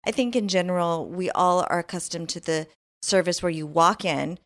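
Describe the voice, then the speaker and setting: A woman's voice: on the low side, normal speed. A middle-aged woman co-hosting a podcast with her husband, chiming in and finishing his sentences in casual chat. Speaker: podcast co-host.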